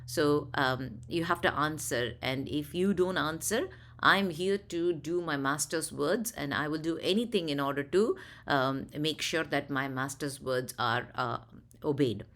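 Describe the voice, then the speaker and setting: Storybook eagle mount, male, proud and quick to anger, boastful talk, low voice, as a woman reads him. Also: a bit bright. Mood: indignant. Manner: boastful, then indignant.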